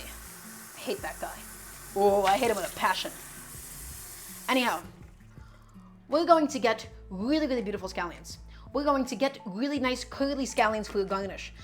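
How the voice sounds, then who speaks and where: A young woman chatting upbeat as she demonstrates a recipe on a cooking live stream and answers her viewers. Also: fairly high pitch.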